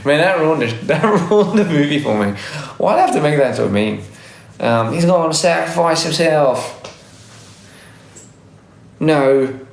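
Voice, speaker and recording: A man's voice: a little high, big pitch swings, a little fast, gravelly, reverberant. Rambling man, faded Australian accent. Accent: Australian English, softened by years abroad. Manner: rambling, self-correcting, frequent laughs. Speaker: livestreamer. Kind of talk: casual live-stream chat reading comments.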